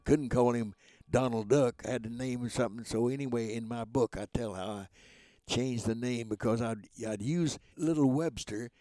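A man in his nineties, a voice actor, telling rambling, lively anecdotes in an interview, with many restarts. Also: medium pitch, normal speed, dry recording. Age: 90s. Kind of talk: casual storytelling interview.

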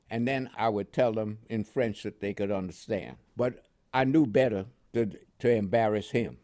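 A man's voice: mid-range voice, a little mellow, dry recording. Older man, veteran interview guest, easy rambling delivery, dead dry recording. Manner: rambling, laughing storyteller. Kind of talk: oral history interview.

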